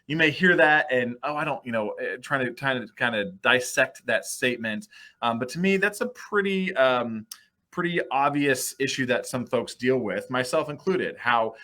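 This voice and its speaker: Bright-voiced Midwestern man co-hosting. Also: medium pitch. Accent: Midwestern American. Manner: friendly, affirming, chatty. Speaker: co-host, city mayor. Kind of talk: live talk show conversation.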